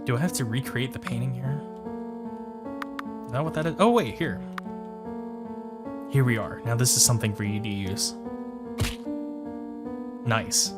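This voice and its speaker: A man's voice: medium pitch, unhurried, long pauses. A man casually commenting as he plays a horror game, in a wry, chatty manner. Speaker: let's play host. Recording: music playing behind.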